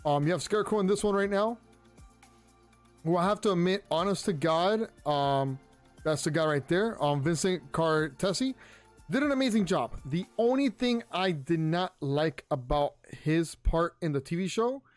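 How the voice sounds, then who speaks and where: A man's voice: on the high side, moderate pace. A man hosting his own pop culture show, talking casually and rambling through a review, with many ums and repeated words. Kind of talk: casual solo review talk. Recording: faint music underneath.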